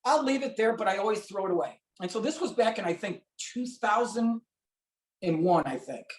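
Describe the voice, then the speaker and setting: Telling a personal story as a guest, this St. Louis man gives voice to each person he quotes. His high voice is expressive and moves at a moderate pace, and the recording carries a roomy echo.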